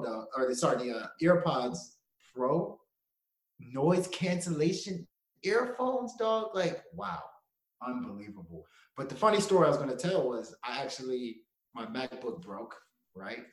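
A young man co-hosting a podcast, telling a story in casual chat and acting out quotes with frequent laughter. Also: fairly high pitch. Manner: animated storyteller, laughs often, acts out quotes. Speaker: podcast co-host. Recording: echoey room.

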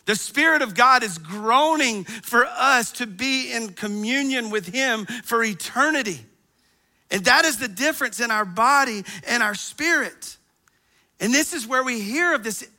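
A middle-aged pastor preaching with an animated, storytelling delivery. His voice is high and very bright, and it cuts right through. He acts out groans and sighs to bring his stories to life. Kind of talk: sermon.

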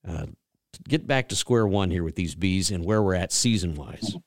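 A man's voice: low-pitched, expressive, moderate pace, no echo, studio quality. Folksy man hosting a talk show. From Georgia, US. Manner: folksy, rambling, storytelling with many restarts. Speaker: radio show host. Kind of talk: casual chat.

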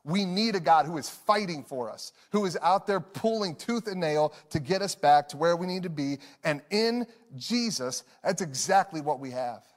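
A male pastor in his thirties delivers a sermon in an earnest, personal way. His voice sits slightly high for a man. He repeats phrases for emphasis and breaks into short chuckles between lines. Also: lively intonation, moderate pace, hardly any pauses.

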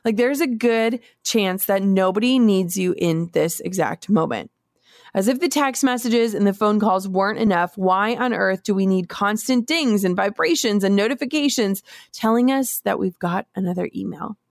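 Chatty gravelly-voiced woman podcaster. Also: mid-range voice, moderate pace, no room sound, studio quality. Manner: chatty, encouraging, lots of "like". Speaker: podcast host. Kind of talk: casual solo podcast talk.

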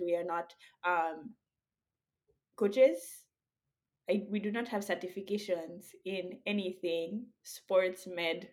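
A woman co-hosting a podcast, from Kenya, talking in a playful, chatty way and laughing often. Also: fairly low pitch. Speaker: podcast co-host. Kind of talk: casual chat among friends.

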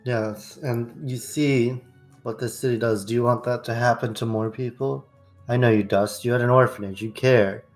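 A man's voice: mid-range voice, steady tone, moderate pace, soft background music, lightly acted. A man playing an earnest adventurer who pleads urgently with a friend during a tabletop game. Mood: pleading. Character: earnest persuasive male adventurer. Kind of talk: tabletop role-play.

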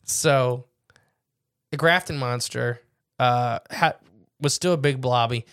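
A man's voice: mid-range voice, fairly bright tone, clear, resonant tone, no echo, studio quality. Rambling man on a podcast. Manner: rambling, jokey, slows to stress details. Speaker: podcast co-host. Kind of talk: casual podcast chat.

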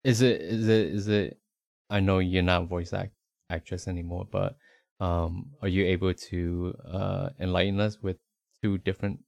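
A very deep-voiced man with a gravelly, creaky edge co-hosts a casual podcast chat. He asks eager, curious questions and reacts to every answer with open surprise. The recording is dry and close, with almost no room sound. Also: flat delivery, moderate pace, darkish tone, dry recording. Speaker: podcast co-host.

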